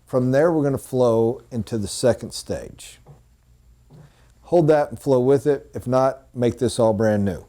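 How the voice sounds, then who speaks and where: Male sales trainer, mellow mid-pitched voice, storytelling delivery that sinks to hushed emphasis. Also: measured pace.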